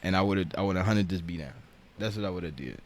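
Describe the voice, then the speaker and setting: A man co-hosting a casual podcast chat, telling stories in an animated way and jumping up in pitch when excited. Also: fairly quick, a little hiss or hum. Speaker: podcast co-host.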